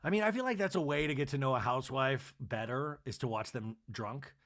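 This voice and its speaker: A man's voice: medium pitch, a little fast, a bit bright. A man hosting a podcast, recapping reality TV in an irreverent, profane and giggly way. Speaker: podcast host.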